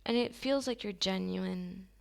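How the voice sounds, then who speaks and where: Soft-spoken woman reading tarot, gravelly fry. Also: medium pitch. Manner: soft, slow and affirming, with drawn-out pauses. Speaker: medium giving a tarot reading. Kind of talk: channeled tarot reading to camera.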